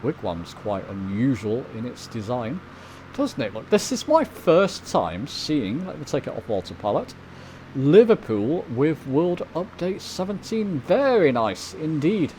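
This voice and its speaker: A man from the UK talks casually over his flight simulator footage, pointing things out and chatting to his viewers. His voice sits at an ordinary middle pitch. A faint background hiss runs under the desk-mic recording. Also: sing-song, measured pace, a little mellow, poor audio. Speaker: flight sim video host. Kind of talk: casual commentary over gameplay.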